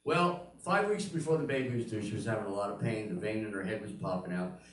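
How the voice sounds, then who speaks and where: A man's voice: lowish voice, fast, a bit bright. An older man doing a stand-up comedy routine, telling punchy stories and acting out the voices of the people in them. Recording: very echoey room, mic at a distance.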